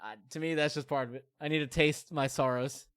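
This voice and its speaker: A man's voice: a little high, fairly even intonation, fairly quick, fairly bright tone, clear, resonant tone, no echo. A man in his thirties streaming, chatting candidly and rambling with many fillers and self-deprecating asides. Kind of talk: casual chat to stream viewers.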